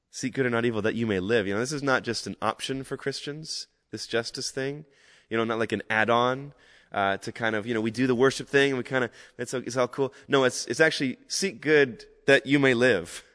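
A man's voice: mid-range voice, fairly quick. Casual, fervent man preaching in a hall. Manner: casual and rambling, building to loud, fervent emphasis. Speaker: Salvation Army minister. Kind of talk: informal guest sermon.

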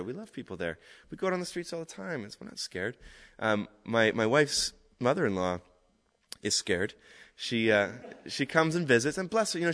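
Guy preaching, chatty and animated, long hall echo. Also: mid-range voice. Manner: conversational, animated storytelling. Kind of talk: sermon. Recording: echoey hall.

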